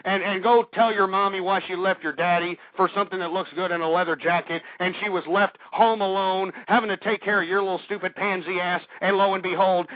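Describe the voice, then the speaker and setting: Abrasive high-voiced man ranting on radio. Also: no room sound. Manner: abrasive, insulting, shouting at callers. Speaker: radio call-in host. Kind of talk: aggressive talk radio rant. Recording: dry, tinny phone-like audio.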